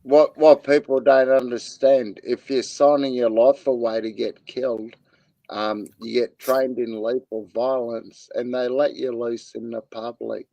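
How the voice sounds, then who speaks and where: A man's voice: medium pitch, little pitch movement, unhurried, gravelly, dark tone, no room sound, dull audio. A man and former soldier in casual chat, talking in a crude, laid-back way. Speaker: podcast co-host, ex-soldier.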